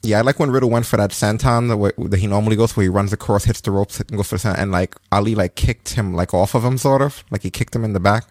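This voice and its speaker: A man's voice: fast, few pauses, a little mellow, dry recording, studio quality. A man co-hosting a casual podcast, recapping wrestling in a rambling way with frequent fillers. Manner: rambling, swears, breaks into high laughing rants. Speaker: podcast co-host.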